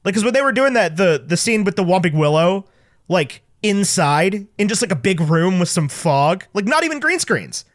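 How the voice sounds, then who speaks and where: A man co-hosting a podcast, chatting casually about movies, animated and full of stumbling restarts. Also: sits high, normal speed, dry recording, clean studio sound. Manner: animated, stumbling restarts, quotes people in voices. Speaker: podcast co-host.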